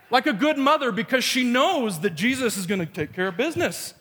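A man's voice: extremely high pitch, very animated, brisk, few pauses, bright, forceful tone, big-room sound. A man preaching a sermon, telling a family story with playful quoted voices. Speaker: pastor.

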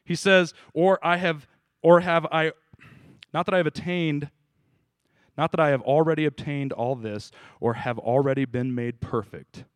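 A man's voice: fairly high pitch, steady tone, moderate pace, no echo. A man preaching an informal sermon, talking casually and asking his group questions as he goes. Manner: casual, conversational, asks the group questions, restarts. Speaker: pastor.

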